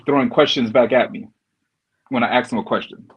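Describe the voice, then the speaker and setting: A man's voice: medium pitch, a little fast, slightly rough, dull audio. A man calling into a casual podcast chat, talking in an easygoing way. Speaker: caller.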